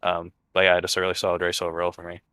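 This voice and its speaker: Casting: male racing driver, low monotone, bright and dry, halting post-race answers. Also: clear, resonant tone, dry recording. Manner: low-key, halting with frequent fillers.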